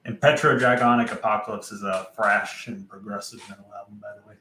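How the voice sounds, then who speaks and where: A man's voice: fairly low pitch, steady tone, sharp tone, slight background noise. Rambling man in an echoey room. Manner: rambling, halting, many fillers and self-talk while searching. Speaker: vlogger showing his record collection. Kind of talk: casual rambling vlog.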